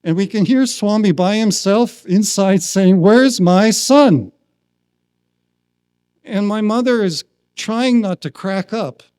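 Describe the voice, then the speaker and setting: A man speaking at a spiritual retreat, telling a personal story slowly and acting out the quoted lines. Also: high voice, dark tone, smooth, no room sound. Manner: slow, acts out quoted lines. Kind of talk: storytelling talk. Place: retreat hall.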